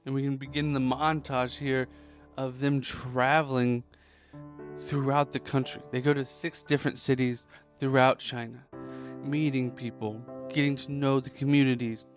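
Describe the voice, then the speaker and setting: A man's voice: mid-range voice, soft background music. Man telling a story casually. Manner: animated, jokey, does quick quoted voices. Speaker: podcast host.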